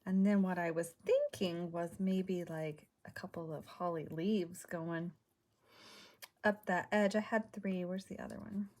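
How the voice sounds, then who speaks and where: A woman's voice: on the low side, fairly even intonation, a little slow, a little mellow. Chatty woman muttering over crafts. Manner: chatty, muttering to herself while working. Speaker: craft video host. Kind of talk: casual crafting chat. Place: home craft room.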